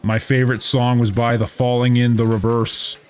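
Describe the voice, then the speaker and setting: Man, 30s, streamer, casual gameplay commentary, sarcastic, profane, medium pitch. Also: level tone, normal speed.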